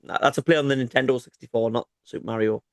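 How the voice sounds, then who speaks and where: Joking man, mid-pitched. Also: steady tone, quick pace, gravelly, no room sound, studio quality. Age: 30s. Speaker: podcast co-host. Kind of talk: casual banter.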